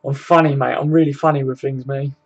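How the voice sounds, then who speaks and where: Here a laddish young Briton chats casually on a home live stream, reading comments from a room with a desk and sofa, cursing often and tacking "mate" and "innit" onto what he says. His mid-range voice is husky, fairly quick and fairly even in intonation, and the recording is muffled.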